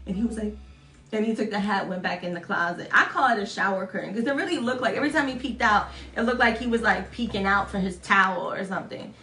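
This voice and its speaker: A woman's voice: fast talker, sharp tone. Young woman, casual vlog storytelling, swears a lot, self-mocking, roomy echo, faint music behind. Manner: chatty, swearing, self-mocking, acts out quotes in high voices. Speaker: vlogger. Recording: echoey room.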